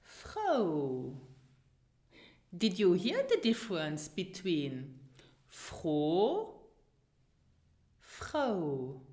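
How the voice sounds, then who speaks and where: A woman whose first language is Luxembourgish teaches pronunciation, saying each word slowly and repeating it for the listener to copy. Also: mid-range voice, darkish tone, reverberant. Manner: slow, deliberate, repeats words for practice. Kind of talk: pronunciation lesson.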